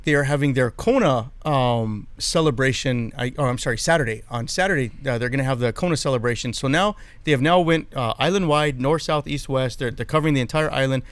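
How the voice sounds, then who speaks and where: A man from Hawaii co-hosting a podcast, chatting casually and giving shout-outs to sponsors. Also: medium pitch, clear, resonant tone, no echo. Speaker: podcast co-host.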